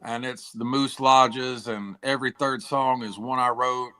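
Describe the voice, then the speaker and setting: A man in his forties, a musician guest from Tennessee, chatting casually and rambling with a hoarse, throat-clearing voice. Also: medium pitch, steady tone, unhurried, sharp tone. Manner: rambling, says "like" and "dude" a lot. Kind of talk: casual interview chat.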